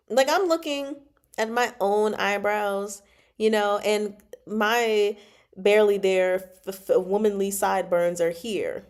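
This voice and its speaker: A woman's voice: mid-range voice, slow. A young adult woman hosting a casual book chat, playful and laughing often as she reacts to a novel. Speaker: book club host reading and reacting.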